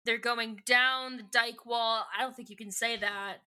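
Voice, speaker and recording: A woman co-hosts a podcast and talks through a book's plot in a loose, chatty way. She stumbles, restarts and corrects herself as she goes. Her voice is bright and sits a little high. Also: steady tone, a little slow, clean tone. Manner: rambling, many fillers and self-corrections. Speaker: podcast co-host. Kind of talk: casual book recap chat.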